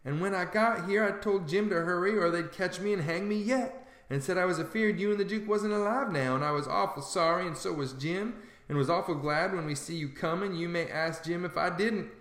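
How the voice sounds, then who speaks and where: A man reading a classic novel aloud, narrating in a lively, folksy boy's voice. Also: sits high, brisk, reverberant. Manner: animated, folksy narration voicing a boy. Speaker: audiobook reader. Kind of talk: storybook narration.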